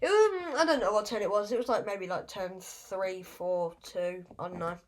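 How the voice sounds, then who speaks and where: A woman's voice: medium pitch, normal speed. A woman hosting a casual podcast, rambling and fumbling over her words with self-deprecating asides. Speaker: podcast host.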